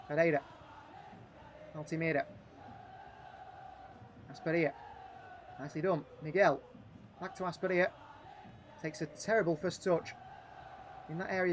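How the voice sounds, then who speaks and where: A man's voice: on the high side, a little hiss or hum. A man hosting a live gaming stream, calling the action of a football management game and voicing his frustration as he plays. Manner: animated, frustrated, thinking aloud between match calls. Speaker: gaming livestream host.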